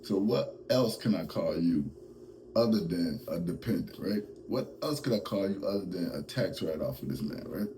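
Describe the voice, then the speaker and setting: A man's voice: sits low, animated, moderate pace, noisy background. A male host giving casual, comedic commentary, laughing often and rambling with fillers.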